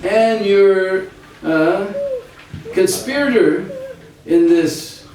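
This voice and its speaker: A man's voice: high voice, very slow, darkish tone, voice pushed up. A man voicing a stern but loving mother scolding her son, recorded from far off in an echoey hall.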